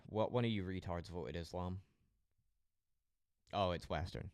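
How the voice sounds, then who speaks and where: A Scottish man on a live stream, talking loosely and swearing constantly. His voice sits very low and sounds smooth and resonant. The recording is close and dry, with no room sound. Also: a little slow, a little mellow, dry recording. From Scotland. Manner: rambling, heavily profane banter. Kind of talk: casual live-stream chat.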